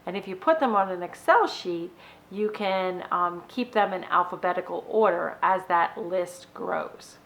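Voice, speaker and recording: A middle-aged woman hosting an educational video blog, explaining things clearly and acting out baby sounds and simple words in a playful, exaggerated way. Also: fairly low pitch, unhurried, low-quality recording. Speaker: behavior analyst host.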